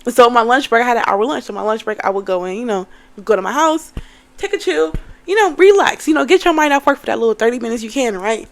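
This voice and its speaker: A young woman telling a story in a casual vlog, animated and cursing, talking to viewers as y'all. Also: a little high, fast. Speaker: vlogger.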